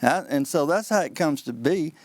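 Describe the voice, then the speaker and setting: A trial lawyer talks listeners through courtroom practice in a folksy, lively manner. His voice sits a little high for a man. The sound is dry and close, with no room around it. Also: moderate pace, no room sound. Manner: folksy, animated, acts out courtroom exchanges. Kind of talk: explaining on a call-in advice show.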